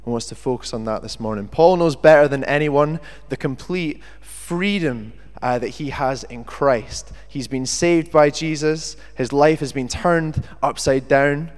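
Young british man, sermon, chatty and lively, long church reverb. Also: medium pitch, normal speed, hardly any pauses. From Britain. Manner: lively, chatty, jokey asides. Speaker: preacher. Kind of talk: sermon with scripture reading.

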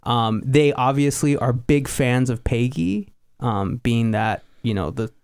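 A man's voice: mid-range voice, unhurried, a little mellow, clear, resonant tone, dry recording, clean studio sound. A young man hosting a podcast, chatting casually and rambling with many fillers. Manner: rambling, easygoing, frequent fillers. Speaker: podcast host. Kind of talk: casual chat.

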